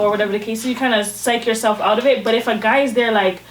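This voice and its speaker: Young woman co-host rambling about dating, highish voice, roomy studio sound. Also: fast talker, hardly any pauses, slight background noise. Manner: chatty, gives advice with many "like" fillers. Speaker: talk show co-host. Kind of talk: casual chat. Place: talk show studio.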